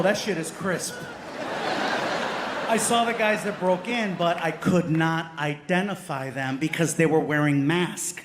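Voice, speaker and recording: Male stand-up comic, high voice, animated and self-deprecating, live stage delivery. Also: reverberant, slight background noise. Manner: animated, excitable, self-mocking. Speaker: stand-up comedian. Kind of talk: stand-up storytelling. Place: comedy stage before a live audience.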